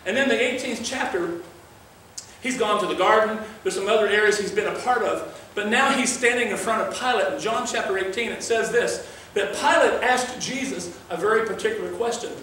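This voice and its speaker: Here the preacher's tone is sharp and his pitch high, his pace moderate as he mixes scripture readings into a sincere, chatty sermon. Picked up from afar in a heavily echoing space, the recording carries a faint hiss or hum.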